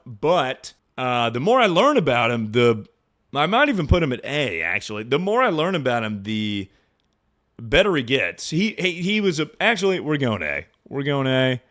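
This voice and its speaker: A young man streaming, rambling and joking with lots of swearing and quick impressions. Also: mid-range voice, sing-song, a bit bright. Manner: rambling, profane, jokey, often slips into impressions. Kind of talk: casual livestream commentary.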